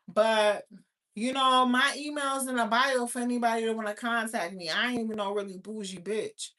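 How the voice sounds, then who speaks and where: A woman's voice: fairly high pitch, fairly quick, sharp tone. Young woman, vlogger, brash, profane, laughs often, casual chat. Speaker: YouTube host.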